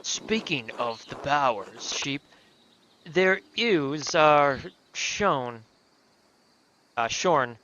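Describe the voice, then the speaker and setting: A man voicing a calm, patient village man who speaks softly. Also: a little high, drawn-out words, pauses often, muffled recording, a little hiss or hum, exaggerated voice. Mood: mild.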